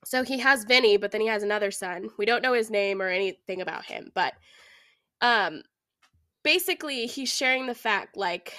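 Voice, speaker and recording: A woman's voice: mid-range voice, moderate pace, pushed and bright, dry recording. A woman co-hosting a true crime podcast, telling the story in a casual, chatty way with lots of fillers. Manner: chatty, many "like"s and "I don't know"s. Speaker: podcast co-host.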